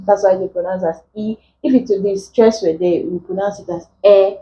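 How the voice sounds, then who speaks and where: A woman English tutor teaching vowel sounds for exam preparation, saying example words slowly and often repeating them. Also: medium pitch, steady tone, warm tone, dull audio, slight background noise. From Nigeria. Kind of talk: exam prep lesson.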